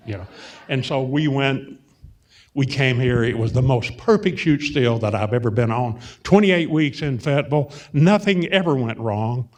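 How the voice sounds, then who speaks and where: An older man with an Arkansas drawl spins rambling stories for a crowd. He wanders, self-corrects, and fills gaps with "uh," in an unhurried folksy way. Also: mid-range voice. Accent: Southern US, Arkansas. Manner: meandering, self-interrupting, folksy anecdotes with many fillers. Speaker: guest, film and TV producer. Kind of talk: rambling storytelling before a live audience. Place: on stage at a public event.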